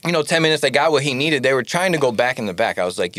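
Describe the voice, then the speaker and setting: A man telling a story as a podcast guest, animated and full of casual "like"s, acting out the lines he quotes. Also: medium pitch, racing, no echo. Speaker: podcast guest, studio owner.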